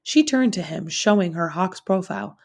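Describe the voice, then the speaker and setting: A woman teacher reading a novel aloud in a steady, expressive storytelling manner. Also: fairly low pitch, moderate pace.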